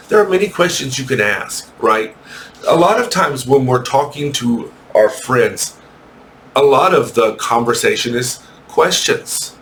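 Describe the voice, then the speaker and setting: A man teaching an English lesson to young children, reading a textbook aloud slowly and correcting his own slips. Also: medium pitch, expressive, a bit bright, slight background noise. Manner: slow, patient, reads text aloud and corrects himself.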